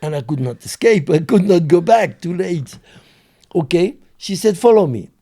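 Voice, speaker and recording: As an interview guest, a native French speaker with a French accent tells a story animatedly, his voice sitting high, and he pauses now and then to search for English words.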